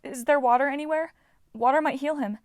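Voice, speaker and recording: A woman's voice: sits high, a little fast, no room sound, studio quality, pitched above the performer's own voice, natural voice. A woman reading aloud, voicing a determined teenage girl who pleads and insists. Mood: pleading.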